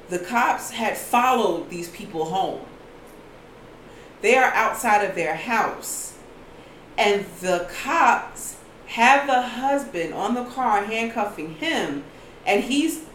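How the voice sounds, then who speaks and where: Animated storytelling woman, echoey room. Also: mid-range voice. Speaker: co-host. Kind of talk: casual commentary chat. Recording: echoey room with faint noise.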